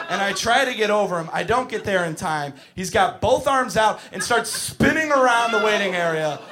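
A man performing a stand-up set, telling his story in an animated way and breaking into shouted outbursts. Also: high-pitched, noisy background. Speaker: stand-up comedian. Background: audience laughter.

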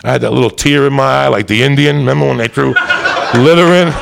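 A middle-aged man doing stand-up, telling a rowdy, profane story and swinging up to loud shouts. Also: fairly high pitch, animated, fast, noisy background. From New Jersey area. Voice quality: gravelly. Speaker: stand-up comedian.

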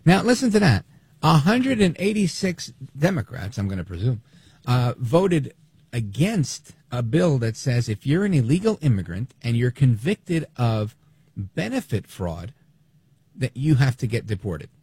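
A man's voice: medium pitch, a little slow, breathy edge, no echo. A man hosting a talk radio show, delivering an opinionated monologue with sarcasm and mocking quotes. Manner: animated, sarcastic, mimics others in quotes.

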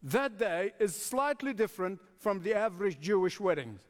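High-voiced preacher man in a reverberant hall. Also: very animated, moderate pace. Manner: emphatic preaching with chuckles and call-and-response. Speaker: pastor. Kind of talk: sermon.

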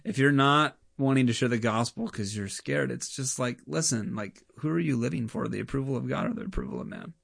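A man in a mid-range voice, talking as a pastor in a relaxed conversation. His delivery is earnest and animated, full of quick fillers and restarts. The sound is dry and close, with no room around it. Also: medium pitch, vocal fry, dry recording. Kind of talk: casual conversation.

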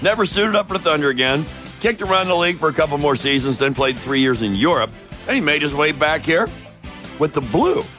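A man's voice: a little high, expressive, a little fast, sharp tone, soft background music. A man hosting a morning radio show, chatting casually with wry, joking sports banter.

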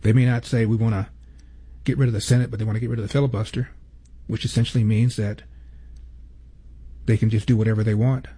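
Male commentary host, mellow and a little breathy, deliberate and emphatic. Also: fairly low pitch, flat delivery. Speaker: talk show host. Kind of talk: commentary introducing clips.

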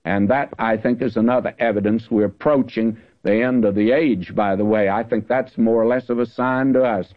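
A man teaching the Bible in a folksy, conversational sermon, slowing down to stress the verses he reads. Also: fairly low pitch, steady tone. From Southern California. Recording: dull lo-fi radio broadcast.

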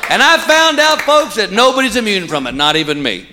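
A man doing a stand-up routine, telling stories and slowing down for punchlines. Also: high-pitched, very animated, slight background noise. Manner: drawling storyteller, punchlines delivered slow. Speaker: stand-up comedian. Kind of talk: stand-up routine before a live crowd. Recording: live club recording with loud crowd.

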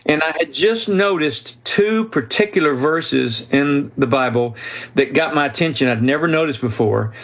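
A man's voice: a little high, moderate pace. A man, a guest author, telling a personal story in a podcast interview, acting out the voices of the people in it. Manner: animated storyteller who voices quoted people.

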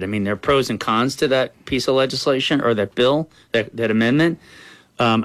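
A man's voice: mid-range voice, a bit bright, dry recording. Earnest man talking politics, dry sound. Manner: earnest, frank, says "you know" a lot. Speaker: political guest. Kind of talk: conversational interview answers.

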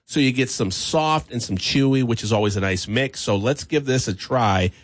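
A man's voice: mid-range voice, normal speed, no echo. Easygoing male radio morning host. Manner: easygoing, chatty, laughs often. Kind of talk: casual radio chat, taste-testing candy. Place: radio studio. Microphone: studio microphone.

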